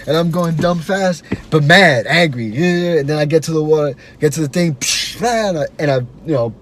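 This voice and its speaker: Animated, profane man telling a story. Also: a little high, normal speed, slight background noise. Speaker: podcast host. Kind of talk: casual storytelling.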